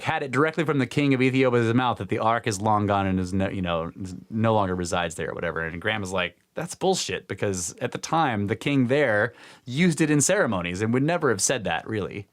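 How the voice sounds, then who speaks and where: Lively, low-voiced man retelling a story. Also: brisk. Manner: animated retelling, acts out quotes with pitch jumps, laughs often. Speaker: podcast co-host retelling a book. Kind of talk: casual storytelling chat.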